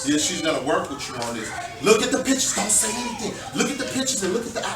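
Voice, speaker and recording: Woman, teacher, call-and-response reading to kids, slow repeated prompts, far from the mic, roomy echo. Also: lowish voice, very animated, loud music behind the voice. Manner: slow, emphatic prompting with many repeated cues. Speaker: teacher reading a picture book to young children. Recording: echoey, distant, noisy room recording.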